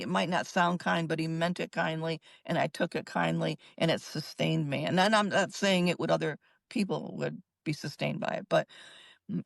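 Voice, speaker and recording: A woman's voice: low-pitched, gravelly, no room sound. An older woman, a psychologist, telling her own story in an interview in an emphatic, earnest way. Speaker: guest psychologist.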